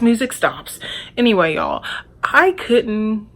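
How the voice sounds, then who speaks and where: A woman's voice: on the low side, brisk, fairly bright tone. A young woman telling a storytime vlog, candid and profane, talking straight to her viewers. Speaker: vlogger.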